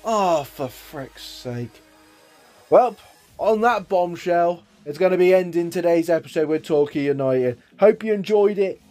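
A young man giving excited commentary on his own football video game match, swinging between mock commentator lines and exasperated, mildly sweary outbursts. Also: on the high side. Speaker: gaming YouTuber.

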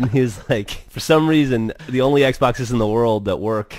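A man's voice: mid-range voice, normal speed, no echo. A man in his forties telling funny personal stories in a casual chat, swearing freely and acting out the people he quotes. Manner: animated, swears freely, acts out quoted voices. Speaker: podcast host telling stories. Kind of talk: casual storytelling with laughs.

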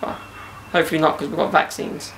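Young man, podcast host, casual joking banter, slangy, gravelly creaky voice, slightly high. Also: level tone, fast talker, noisy background. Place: outdoors in a garden.

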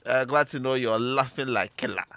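Bright Ghanaian radio host. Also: male voice, medium pitch, moderate pace, no echo. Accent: Ghanaian English. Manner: reading listener messages, teasing, laughing. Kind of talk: live radio show hosting.

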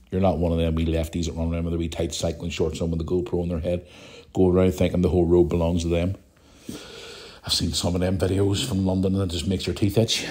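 A Northern Irish man with a deep, warm voice hosts a casual podcast. He rambles and chats freely, teasing his listeners as he goes. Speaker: podcast host.

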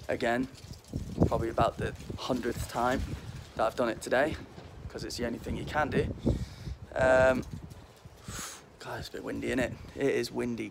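A man's voice: medium pitch, gravelly. Cheeky young guy with mild scouse twang. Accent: mild Liverpool. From Liverpool, England. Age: 20s. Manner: cheeky, rambling, self-mocking. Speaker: vlog host. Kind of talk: casual joking vlog. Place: outdoors in a windy back garden. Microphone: phone held while walking. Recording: faint wind noise outdoors.

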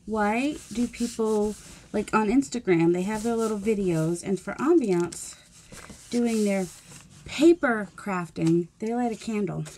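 A woman's voice: mid-range voice, measured pace, warm tone, a little hiss or hum. Chatty rambling woman crafting. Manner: rambling, musing aloud while working; self-deprecating. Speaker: mixed media crafter.

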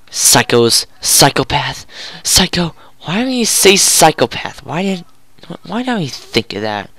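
A gamer provides goofy, excitable commentary while playing a hockey video game, groaning and yelling at every play. His voice is medium in pitch at a moderate pace, with no echo.

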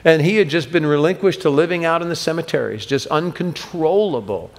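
A man's voice: fairly high pitch, brisk. Storytelling male preacher in a reverberant hall. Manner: storytelling preacher, acts out quoted voices. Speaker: pastor. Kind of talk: sermon. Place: church sanctuary.

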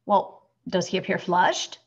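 A woman's voice: lowish voice, flat delivery, unhurried, slightly rough, dull audio. A woman doing a soothing kindly male doctor. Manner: comforting bedside tone.

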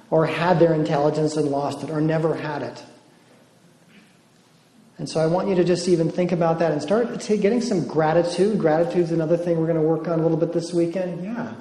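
A man's voice: fairly high pitch, mellow. A man preaching at a conference, earnestly leading the audience in call-and-response affirmations. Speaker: conference speaker. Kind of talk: sermon. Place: conference hall. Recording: echoey hall with long reverb.

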